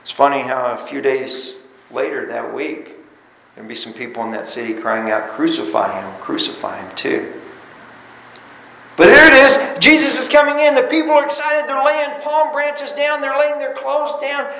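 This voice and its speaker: A pastor with a high, creaky voice delivers a sermon in a church sanctuary, and the roomy echo rings around the space with slight background noise. Speaking at normal speed, he talks animatedly, leaping from loud bursts to low asides and often doubling words as he restarts.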